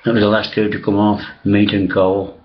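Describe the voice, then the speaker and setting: Old bloke with a low voice, rambling, swearing, lots of uhs, muffled lo-fi sound. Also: male voice, completely flat delivery, normal speed, a little hiss or hum. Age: older. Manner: meandering, swears casually, many fillers and restarts. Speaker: storyteller recalling old days. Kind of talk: rambling reminiscence. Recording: dull lo-fi sound.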